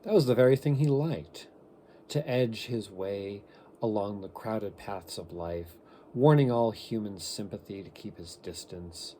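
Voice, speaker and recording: A man giving an expressive amateur reading of a classic story, with shifting pace and occasional stumbles. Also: on the low side, unhurried, a little hiss or hum. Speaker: reader.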